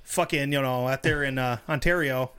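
A man's voice: mid-range voice, steady tone, moderate pace, a loud crowd. Joking, stumbling podcast co-host man. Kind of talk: casual podcast banter, reading notes.

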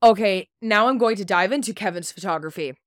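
A woman's voice: medium pitch, brisk, no room sound, studio quality. A woman hosting a podcast, reading a prepared story segment in a blunt way, swearing casually and stumbling over unfamiliar names. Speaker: podcast host.

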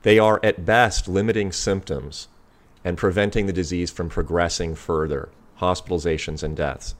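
A man's voice: deep voice, steady tone, moderate pace. A man who is a physician, speaking as a talk-show guest and pressing each point with firm emphasis. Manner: emphatic and insistent, stressing key words.

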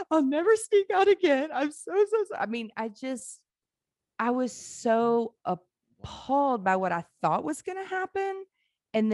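A woman's voice: mid-range voice, a little mellow, no echo, studio quality. A woman in her forties telling candid family stories in casual chat, laughing and swearing now and then.

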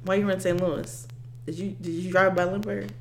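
A young woman co-hosting a casual chat, quick and teasing, laughing as she talks. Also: on the low side, little pitch movement, echoey room, slight background noise.

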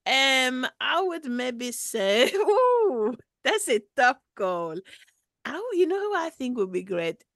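A woman voicing a flirty male rat from Paris who calls into a podcast, with a put-on French accent and a loud, hammy manner. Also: high voice, big pitch swings, slow pace, no room sound, studio quality, full character voice. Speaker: podcast caller.

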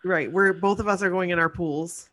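A woman's voice: on the low side, fairly even intonation, moderate pace, a bit bright, dry recording, studio quality. A woman co-hosting a podcast, chatting casually and wrapping up the episode. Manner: chatty, friendly sign-off. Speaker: podcast co-host.

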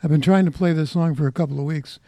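A mellow, slightly higher-pitched older American man talks on the radio between records. He rambles in a folksy, reminiscing way, close to a studio mic in a dry, dead room. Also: steady tone, fast, no echo. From United States. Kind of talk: casual radio chat between songs. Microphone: studio microphone.

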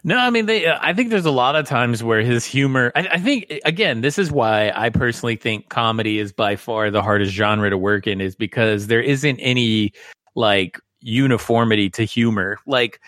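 A man co-hosting a podcast, talking about films in animated bursts with many restarts. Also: medium pitch, normal speed, dry recording, studio quality. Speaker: podcast co-host. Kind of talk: casual movie chat.

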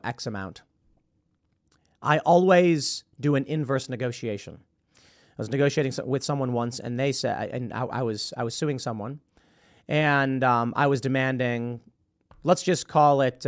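Brief: male commentary host, thirties, emphatic, slightly high voice, dry close mic. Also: no room sound. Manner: emphatic, repeats words when heated. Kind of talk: solo political commentary.

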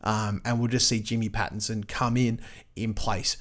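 An Australian man hosting a casual podcast, chatty and excitable, with lots of fillers and restarts. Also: on the low side, moderate pace. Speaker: podcast host. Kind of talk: casual cricket podcast chat.

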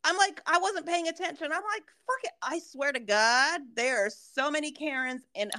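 A woman's voice: high-pitched, normal speed, pushed and bright. A woman co-hosting a podcast, telling sarcastic, profane stories in casual chat. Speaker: podcast co-host.

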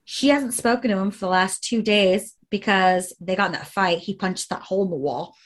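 A woman's voice: mid-range voice, normal speed. A woman co-hosting a podcast, telling a story casually, acting out quoted speech and swearing freely. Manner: animated, acts out quoted speech. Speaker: podcast co-host.

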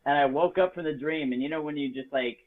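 A man from Las Vegas telling a story in a casual chat, swearing freely, joking and getting animated. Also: a little high, fast. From Las Vegas, United States. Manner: profane, jokey and animated. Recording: tinny phone-like sound.

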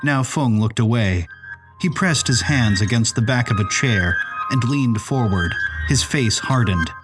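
Male audiobook narrator, measured, lively melodic delivery. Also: mid-range voice, loud music behind the voice. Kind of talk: scripted storybook narration.

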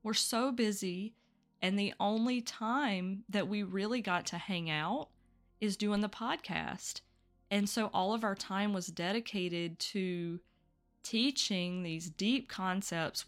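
A woman's voice: lowish voice, fairly bright tone. A woman hosting a solo spiritual podcast, talking candidly and reflectively, with little laughs between thoughts. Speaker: podcast host.

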